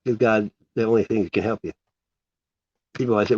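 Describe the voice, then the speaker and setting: A man's voice: on the low side, fast talker, long pauses, darkish tone, dull audio, slight background noise. A man vlogging in a casual, rambling, incredulous way. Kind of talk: casual chat.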